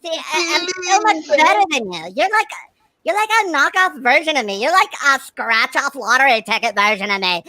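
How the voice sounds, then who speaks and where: A woman's voice: animated, moderate pace, noisy background. Someone doing a catty valley-girl voice. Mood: insulting. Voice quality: high, bright, mocking valley girl voice. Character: catty valley-girl impostor, vain and rude. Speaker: livestream guest. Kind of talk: mock valley-girl bickering.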